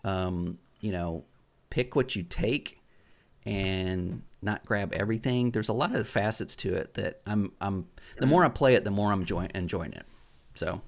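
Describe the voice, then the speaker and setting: A middle-aged man with a fairly low, creaky voice hosts a casual gaming podcast. He tells rambling, profane stories, halting often with restarts and fillers.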